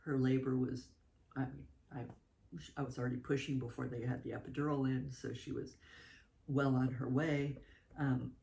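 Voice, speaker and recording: A mother telling animated stories about her children in a casual interview, laughing often. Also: a bass voice, normal speed, gravelly, a little hiss or hum. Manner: animated, laughing, with fillers and asides. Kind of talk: casual spoken storytelling.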